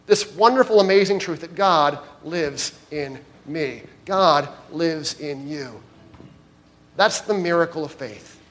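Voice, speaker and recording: A man delivers a heartfelt sermon in a fairly high voice. He rises to loud, emphatic declarations, then sinks into hushed, gentle passages. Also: animated, takes it slowly. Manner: swings between loud emphatic lines and hushed soft ones. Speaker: preacher.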